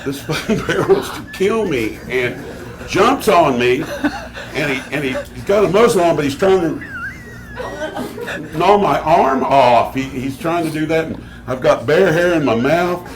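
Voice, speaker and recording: A man telling a comic story on stage, animated, laughing through it and swearing freely. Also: fairly high pitch, moderate pace. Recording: live crowd noise around the voice.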